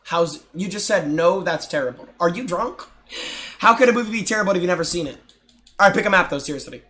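A young man streaming a game live, chatting loudly and excitably with viewers, often breaking into shouts and laughs. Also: high-pitched, fast talker. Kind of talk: live gaming stream chat.

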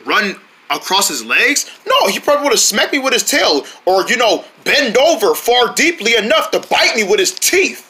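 A performer voicing a group of excitable young deer friends in a homemade cartoon, switching between several playful voices. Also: medium pitch, moderate pace. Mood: cheerful.

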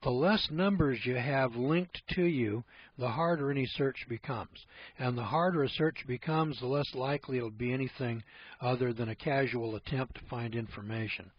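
A man's voice: medium pitch, moderate pace, husky. A man giving an informal lecture in a folksy, rambling way, full of rhetorical questions. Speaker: speaker on privacy. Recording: dull lo-fi recording.

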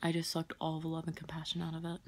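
Young woman rambling on her vlog, low gravelly voice, kinda husky, giggles and swears a lot. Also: monotone, fast talker, a little mellow. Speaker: vlogger. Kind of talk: casual late-night vlog.

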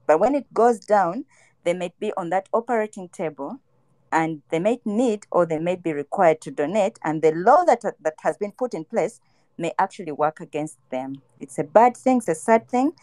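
A woman's voice: fairly low pitch, a little mellow, no room sound. A woman panelist with a Ugandan English accent speaking passionately and pleadingly in a discussion. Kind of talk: discussion contribution.

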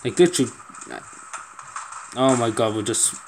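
A man talks through a video game in a casual commentary, sounding fed up, begging and swearing freely. His voice sits at an ordinary middle pitch. A steady hiss runs under the recording. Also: moderate pace. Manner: exasperated, pleading, swears often. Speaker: gameplay commentator. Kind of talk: casual let's-play commentary.

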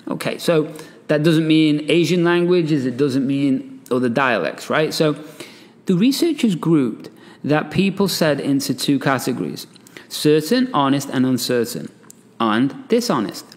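Brief: a male podcast host with a higher-pitched voice, animated and conversational, in a room with long reverb. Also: a little slow. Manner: animated, chatty, laughs often, asides with "right?". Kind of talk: solo podcast talk, reading an article aloud.

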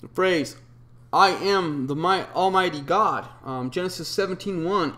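Man, slightly high voice, methodical explanatory monologue, recites numbers, frequent ums. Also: measured pace, pushed and bright. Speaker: video presenter.

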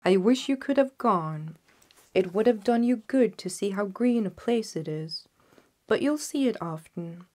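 A woman voicing a gentle, grieving poor father in a storybook reading, speaking slowly. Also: medium pitch, expressive. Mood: tender.

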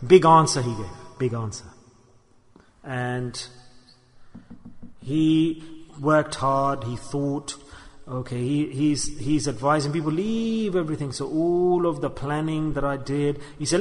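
A man's voice: a little high, slow, darkish tone. Preaching man in a reverberant hall. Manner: earnest and repetitive, voicing people in little parables. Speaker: sheikh giving a religious talk. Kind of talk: sermon.

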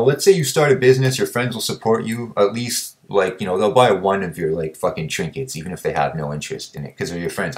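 A young man vlogging, ranting bluntly and combatively, swearing constantly. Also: fairly low pitch. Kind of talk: profane ranting monologue.

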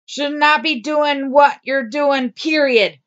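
A woman's voice: sits high, slow pace, fairly bright tone, muffled recording. A woman vlogger talking straight to camera in a blunt, repetitive diary-style video. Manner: blunt, swearing, repeats herself. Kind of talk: angry diary vlog rant.

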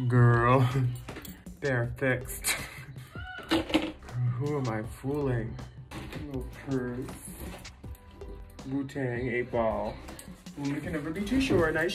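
A man in drag giving a campy, sassy backstage tour of theatre dressing rooms, quipping and laughing with castmates. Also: mid-range voice. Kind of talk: casual backstage vlog.

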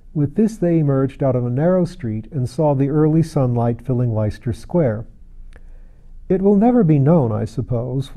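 Man reading a novel in a very dark voice. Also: mid-range voice. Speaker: audiobook reader. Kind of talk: scripted narration of a classic novel.

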